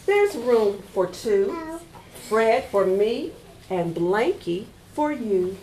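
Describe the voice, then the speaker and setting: A woman's voice: medium pitch, drawn-out words, slight background noise. A woman reading a picture book aloud at a library storytime, coaxing the children to join in. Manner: sing-song, animated, coaxing kids to join in. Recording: echoey room.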